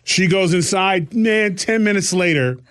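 A man co-hosting a podcast, telling a story in an animated way and acting out the people in it. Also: high-pitched, measured pace, smooth. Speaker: podcast co-host. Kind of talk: casual chat.

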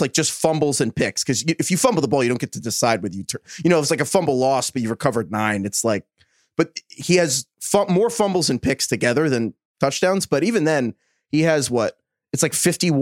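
A man co-hosting a podcast, chatting casually and rambling with quick asides. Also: mid-range voice, dry recording, clean studio sound. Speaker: podcast co-host. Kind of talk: casual sports chat.

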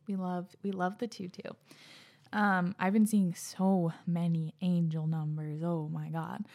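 A young woman hosting a casual solo podcast, earnest and gushing, slipping into soft breathy asides, and out of breath. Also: lowish voice, flat delivery, a little slow. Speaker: podcast host.

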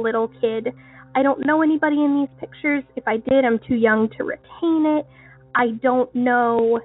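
Woman from Maine, caller, earnest chatty storytelling, husky voice, tinny phone line. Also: fairly high pitch, no room sound. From Maine, USA. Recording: phone-line audio, faint music.

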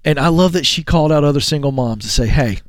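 A man's voice: a little high, fast talker, dry recording, studio quality. A man co-hosting a talk show, speaking in an earnest, motivational way. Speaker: radio show co-host. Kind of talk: casual talk show chat.

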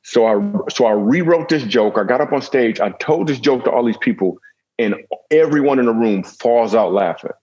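Husky, lowish man, comedian guest, jokey storyteller, dull lo-fi recording. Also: lively intonation, normal speed, darkish tone. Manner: jokey, with self-deprecating asides. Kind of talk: humorous storytelling in a conversation.

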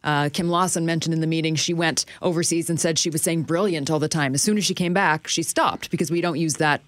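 A woman co-hosting a radio chat, explaining a topic in a measured way. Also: sits low, dry recording. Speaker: radio co-host. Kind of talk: casual studio chat.

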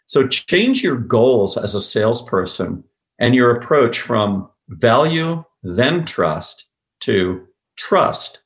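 A man talking as a podcast guest, telling stories emphatically and acting out quoted dialogue. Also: mid-range voice. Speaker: podcast guest, sales executive. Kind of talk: podcast interview.

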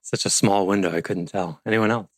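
A man's voice: fairly low pitch, fairly even intonation, fairly quick, dry recording. A man teaching an online leadership class over a video call, rambling with playful asides and self-interruptions. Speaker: course instructor.

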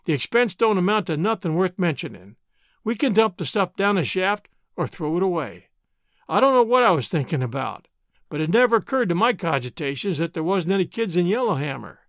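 Man doing a grave, folksy Western miner for a storybook reading, fairly high voice, dry close sound. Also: very animated, brisk, fairly bright tone, dry recording, heavily acted. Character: gruff Western mining-camp man, grave and generous.

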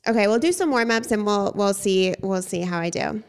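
A young woman co-hosting a podcast, talking in a chatty, upbeat, playful way at a middle pitch for a woman. She speaks into a studio microphone in easy casual chat. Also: lively intonation, a little fast, hardly any pauses, clean tone. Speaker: podcast co-host.

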